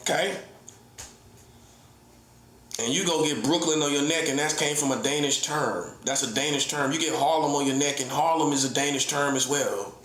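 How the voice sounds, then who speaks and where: A man's voice: a little high, steady tone, moderate pace, fairly bright tone. A middle-aged man, a self-styled prophet, delivering a heated, combative, preachy online monologue that keeps repeating its points. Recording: echoey room.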